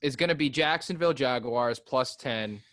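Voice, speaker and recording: A man's voice: medium pitch, moderate pace, a bit bright, slight background noise. A man co-hosting a casual sports betting podcast, joking and bantering with his friends. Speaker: podcast co-host.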